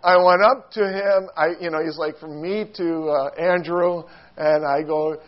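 A man preaching a sermon, telling a funny childhood story in an animated, self-mocking way and acting out quotes with squeals and shouts. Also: on the high side, unhurried, few pauses, highs cut off.

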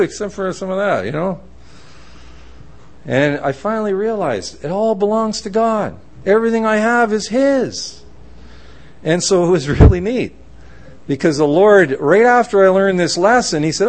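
In a high-pitched voice and at a moderate pace, a man gives a sermon, animatedly narrating stories and imitating the voices of their characters.

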